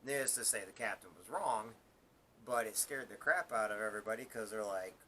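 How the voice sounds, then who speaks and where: A man's voice: lowish voice, brisk, pushed and bright, a little hiss or hum. A man who is a former Marine sergeant, telling a rambling story on a live stream with repeated words and laughter.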